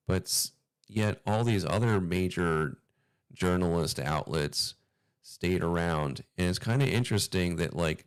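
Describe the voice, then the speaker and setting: A man's voice: deep voice, clear, resonant tone, no room sound, studio quality. A man musing casually in a rambling way, with loose fillers. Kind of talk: casual chat.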